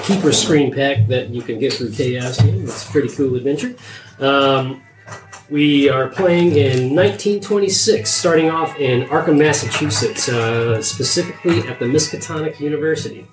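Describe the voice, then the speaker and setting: A man narrating as game master for a tabletop game, hesitant with lots of ums. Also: medium pitch. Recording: echoey room with music.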